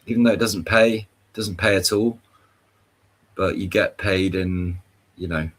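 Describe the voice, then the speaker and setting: Joining an open discussion on a live voice call, a man chats casually and easygoingly, though hesitantly, stumbling a little with fillers and restarts. His voice sits low, fairly bright yet slightly rough, with fairly even intonation and a measured pace.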